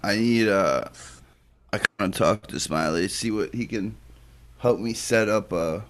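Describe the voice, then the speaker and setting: A man's voice: on the low side, unhurried, a little hiss or hum. A man chatting as a podcast guest, easygoing and rambling with lots of "you know what I mean.". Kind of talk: casual chat.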